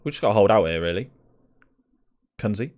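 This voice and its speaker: A man's voice: lowish voice, lively intonation, a little fast, a little mellow. A young man gives chatty, exasperated live commentary on a game, talking to the players on screen. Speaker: gaming video creator.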